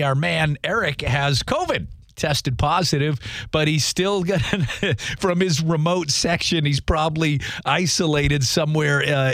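A man's voice: mid-range voice, no room sound. A man hosting a talk show, speaking in a folksy, rambling way with lots of fillers and restarts. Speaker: radio show host. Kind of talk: casual talk show monologue.

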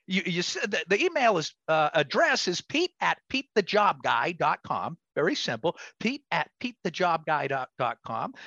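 A middle-aged male host with a gravelly, bright voice swings his pitch all over as he hypes his guest and segments. He often trips and restarts mid-sentence. The sound is dry and a little dull. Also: big pitch swings, moderate pace, no room sound. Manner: enthusiastic, promotional, self-correcting. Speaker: radio show host. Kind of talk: casual radio talk.

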